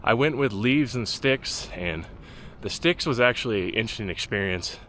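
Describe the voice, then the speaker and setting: A man narrating his long-distance hike in a dry, deadpan vlog style, delivering jokes flatly. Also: medium pitch, normal speed, slight background noise. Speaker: hiking vlogger. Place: outdoors on a mountain trail.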